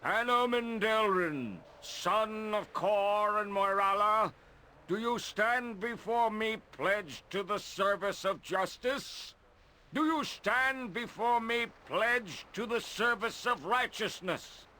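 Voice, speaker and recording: A slow, bright-voiced solemn prelate. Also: male voice, sits high, heavily acted. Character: solemn high priest of a knightly order. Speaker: prelate judging a squire.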